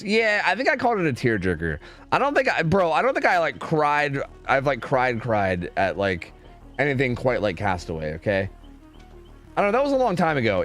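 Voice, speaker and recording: A streamer and game caster chats casually with his viewers, rambling, swearing heavily, and filling his speech with fillers. He has a mid-range, fairly bright voice.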